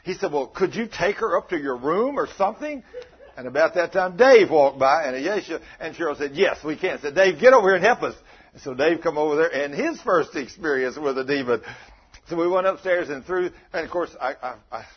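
A man, a pastor telling a folksy, animated story in a sermon, on a dull lo-fi recording. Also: a little high, a little fast, slightly rough.

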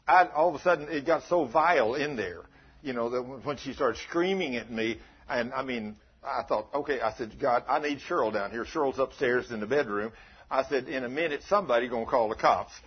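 A man, a pastor telling a folksy, animated story in a sermon, on a dull lo-fi recording. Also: medium pitch, husky.

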